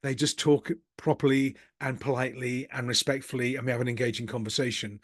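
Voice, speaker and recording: A man's voice: medium pitch, level tone, a little fast, no room sound. Dry-voiced middle-aged Birmingham man. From Birmingham, England. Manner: candid, rambling, self-deprecating, with occasional chuckles. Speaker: business coach and channel host. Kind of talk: casual reflective monologue.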